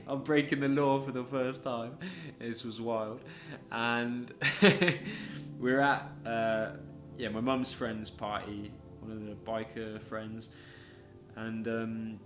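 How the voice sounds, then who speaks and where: Bloke hosting a storytelling podcast, giggly, loose, swears, roomy echo with faint music underneath. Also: male voice, mid-range voice, a bit bright. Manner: chatty, laughs often between sentences, casual swearing. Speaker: podcast host.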